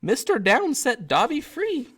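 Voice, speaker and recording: A man voicing a small, devoted male house-elf in a shrill, high, slow and emphatic voice. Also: huge pitch swings, a bit bright, husky, heavily acted.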